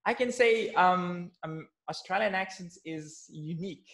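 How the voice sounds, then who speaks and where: A man with an Indonesian accent, a non-native English speaker, teaching an English lesson in a halting way with many fillers and restarts. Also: sits high, fairly bright tone. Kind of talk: casual spoken English lesson.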